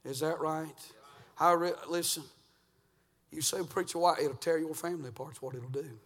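A man preaching a revival sermon in a church, swinging between hushed, intimate talk and loud, shouted preaching. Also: fairly high pitch, moderate pace, long reverb tail. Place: church sanctuary.

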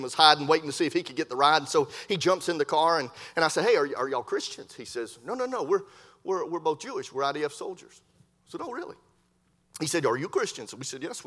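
A man preaches in a Baptist church. He tells his stories animatedly and acts out the voices of the people in them. His voice carries a long reverb through the sanctuary. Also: fairly high pitch. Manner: storytelling preacher, animated voices in quoted dialogue. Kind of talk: sermon. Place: church hall.

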